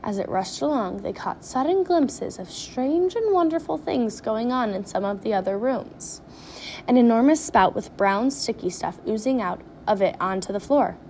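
A woman reading a children's story aloud with dramatic, animated pacing. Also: on the high side, normal speed, slight background noise. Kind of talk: expressive storybook read-aloud.

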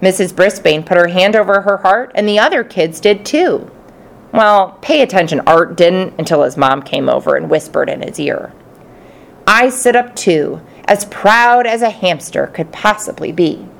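A woman narrating a children's storybook in the first person, expressive and playful. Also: on the low side, moderate pace, vocal fry. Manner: expressive, playful character voices. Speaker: audiobook narrator.

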